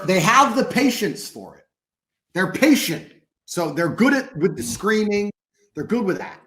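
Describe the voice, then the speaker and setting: A man's voice: fairly high pitch, fairly bright tone. Blunt, profane man with a lighter voice. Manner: blunt, profane and emphatic, with repetition for force. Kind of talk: podcast conversation. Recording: roomy echo.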